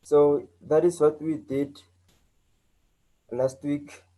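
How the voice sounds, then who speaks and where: A man's voice: on the high side, flat delivery, takes it slowly, warm tone, low-quality recording. A South African man teaching an online English lesson, repeating key points and checking in with his learners.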